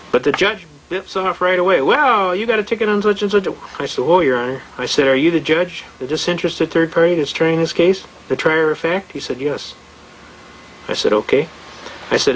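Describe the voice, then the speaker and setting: Brief: fast-talking male storyteller, slightly high voice, faint background hiss. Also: fairly bright tone, low-quality recording. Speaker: speaker on legal rights. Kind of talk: anecdotal lecture.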